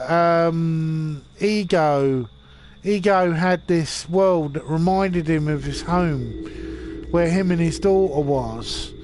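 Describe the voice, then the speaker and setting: Drunk forties streamer, rambling and cursing, high voice, slow delivery. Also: male voice, a little hiss or hum. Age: 40s. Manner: rambling and swearing. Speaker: game streamer. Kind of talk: rambling drunk commentary while gaming.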